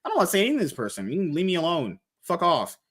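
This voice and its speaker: Man, podcast host, casual rant, frequent swearing, restarts, somewhat high pitch. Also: racing. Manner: animated, swears freely, rambles with restarts.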